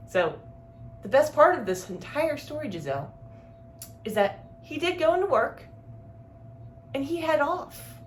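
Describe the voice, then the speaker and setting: Lively high-voiced woman telling a story. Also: unhurried, pauses often, a little hiss or hum. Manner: exasperated and blunt, casual swearing; talks straight to one listener by name. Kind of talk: casual storytime monologue.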